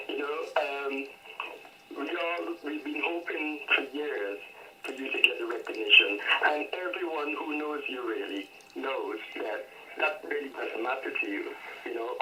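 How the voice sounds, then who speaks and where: A man in his fifties phoning in to a radio show, earnest and admiring, speaking with pauses. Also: mid-range voice, far from the mic. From London. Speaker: radio caller, former pupil. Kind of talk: phone-in call. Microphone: telephone. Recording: noisy phone line.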